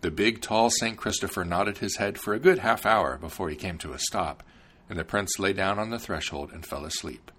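A man narrating a fairy tale in an expressive storybook style. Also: deep voice, normal speed, husky.

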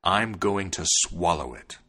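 A man voicing a furious, bitter grown wagoner with a low, slow voice. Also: animated, sharp tone, heavily acted. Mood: vengeful. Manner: angry, vengeful.

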